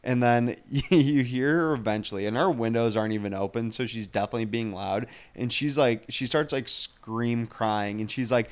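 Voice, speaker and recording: A young man co-hosting a podcast, telling a story in a casual, animated way, swearing and laughing as he goes. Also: mid-range voice, brisk, hardly any pauses, smooth. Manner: animated, profane, laughs through stories. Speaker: podcast co-host.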